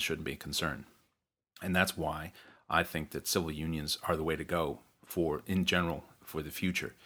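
Male podcast host, deep voice with bright tone, casual and digressive, reads listener mail. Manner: chatty, digressive, self-deprecating with frequent ums and light laughs. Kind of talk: casual solo podcast, reading listener comments.

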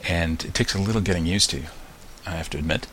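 A man's voice: low voice, fast talker, fairly bright tone, husky. An American man with a slight New Zealand mix in his accent, hosting a podcast in a rambling, chatty monologue full of ums and restarts. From United States. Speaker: podcast host.

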